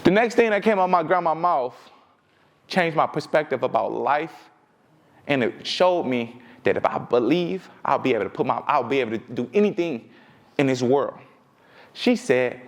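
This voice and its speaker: High, lively man telling a story on stage. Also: moderate pace. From Detroit, USA. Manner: emphatic, with dramatic swings between loud and hushed. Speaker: motivational speaker. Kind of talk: personal storytelling speech.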